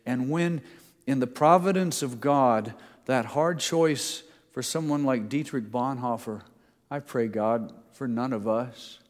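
A man's voice: medium pitch, takes it slowly. Middle-aged man preaching in a reverberant hall. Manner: conversational preaching, reading scripture aloud with emphasis. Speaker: pastor. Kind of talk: sermon. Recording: long reverb of a large hall.

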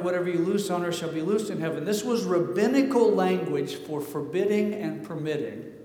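A man's voice: sits high, darkish tone. Emphatic preaching man in echoey church. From Midwest. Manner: earnest, emphatic preaching with slow stressed phrases. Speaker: pastor. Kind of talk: sermon. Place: church sanctuary. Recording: echoey hall reverb.

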